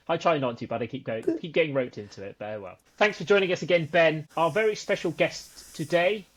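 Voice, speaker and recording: A man's voice: a little high, expressive, brisk. A man hosting a podcast, chatting casually with light, self-deprecating banter. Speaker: podcast host. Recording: dull lo-fi sound.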